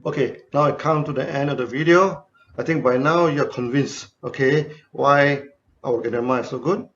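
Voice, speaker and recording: A man's voice: medium pitch, fairly even intonation, moderate pace, fairly bright tone. A man, a company founder telling anecdotes in a promotional talk to camera, tagging his sentences with "you know". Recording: dull lo-fi recording.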